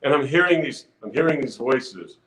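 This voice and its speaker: An older man spins a long anecdote as a podcast guest, restarting his sentences and acting out the people in it. His voice sits a little high for a man. The room around him rings with a noticeable echo. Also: normal speed. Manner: animated anecdote telling with restarts and acted-out quotes. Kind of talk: casual storytelling.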